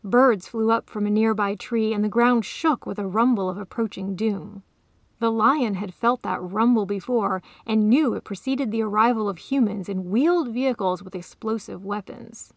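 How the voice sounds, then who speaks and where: A woman author reading her own short story aloud in a calm, even storytelling manner. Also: medium pitch, normal speed, vocal fry, no room sound, clean studio sound. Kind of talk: storybook narration.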